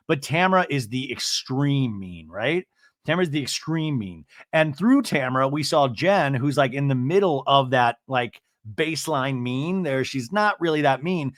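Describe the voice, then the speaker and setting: Animated, chatty male podcast host. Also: on the high side, dry recording, clean studio sound. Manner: chatty, animated, full of "like" and "you know". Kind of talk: reality TV recap commentary.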